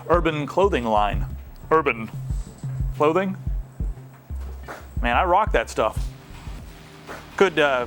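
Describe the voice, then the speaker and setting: A man's voice: mid-range voice, fairly bright tone. A young man hosting a casual tech question show, answering viewer emails with playful jokes and asides.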